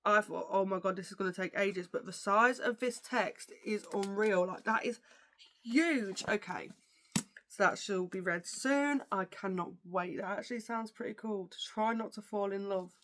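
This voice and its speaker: A young book vlogger chats casually about books, chatty and gushing with lots of fillers, though she sounds tired and yawns now and then. Her voice is medium-pitched, a bit bright, and a little slow, with slight background noise.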